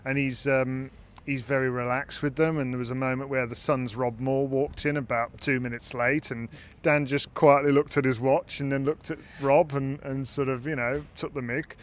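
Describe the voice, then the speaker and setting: A man chatting as a podcast host, mid-pitched and conversational. He thinks aloud, stumbling and repeating small words as he works out his point. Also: little pitch movement, normal speed, few pauses. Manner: thoughtful, repeats words while searching for phrasing. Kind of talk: casual discussion.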